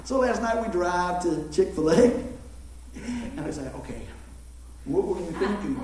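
Middle-aged pastor, folksy and joking, animated high voice, roomy distant church sound. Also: male voice, slow, pauses often, a little hiss or hum. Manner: folksy, joking, talks to the congregation. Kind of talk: sermon. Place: church sanctuary. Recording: echoey church room, mic far off.

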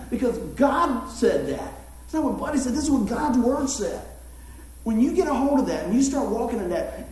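A man's voice: high-pitched, warm tone. A middle-aged man, preaching a folksy, joking sermon to his congregation. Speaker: pastor. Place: church sanctuary. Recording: echoey church room, mic far off.

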